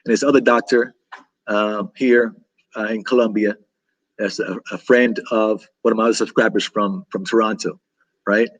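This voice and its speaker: A man's voice: on the low side, fairly even intonation, moderate pace, slightly rough, low-quality recording. A tired man from the United States, recovering from illness, chatting casually on a livestream in a rambling, repetitive way. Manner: rambling and repetitive, with many restarts and fillers. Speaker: travel vlogger hosting a livestream.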